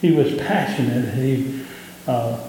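Southern pastor preaching in an echoey hall. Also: male voice, takes it slowly, mellow, a little hiss or hum. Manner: impassioned preaching, rising in pitch on emphasis. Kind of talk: sermon. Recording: echoey hall with long reverb.

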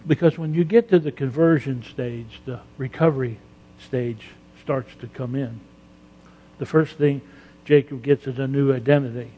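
Husky male preacher in a reverberant hall. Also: medium pitch, fairly even intonation, normal speed, dark tone. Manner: emphatic, with rhetorical questions and dramatized quotes. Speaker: pastor. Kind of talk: sermon. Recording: long reverb of a large hall.

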